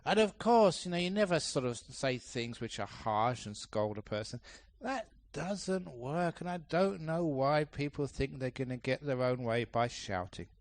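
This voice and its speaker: A man, a Buddhist monk, giving a dharma talk at a retreat, telling stories with lots of changes in pitch and pace and laughing often. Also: animated, measured pace, few pauses. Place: temple hall, live talk.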